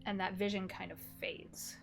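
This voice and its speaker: A woman narrating a tabletop game as game master, telling scenes slowly with descriptive detail and fillers. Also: mid-range voice, level tone, gravelly, soft background music. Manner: slow, descriptive storytelling with fillers.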